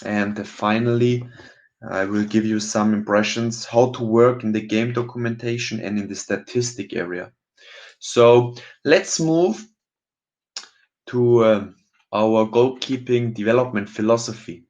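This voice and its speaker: Slow, hesitant man presenting. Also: lowish voice, a little mellow, dull audio. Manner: hesitant, many ums and uhs, non-native phrasing. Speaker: goalkeeping coach presenting software. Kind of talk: webinar screen-share walkthrough.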